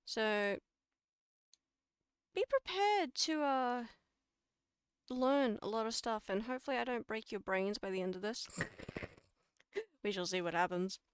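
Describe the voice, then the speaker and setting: A chatty Australian woman talks her chat through a casual livestream lecture, laughing at herself and fixing her own slips as she goes. Her voice is smooth and clear, recorded dry and close with no room sound. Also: a little high, lively intonation, measured pace, pauses often, dry recording. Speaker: streamer giving a lecture.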